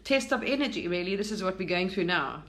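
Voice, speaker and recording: A woman's voice: lowish voice, expressive, quick pace. A middle-aged woman from Britain, talking casually and with enthusiasm about spiritual experiences, rambling through restarts and asides. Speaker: spiritual content creator.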